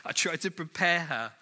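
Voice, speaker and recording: A man's voice: high voice, bright, forceful tone, long reverb tail. A middle-aged man preaching to a church congregation, telling a humorous story in a chatty way. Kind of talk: sermon. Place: large church hall.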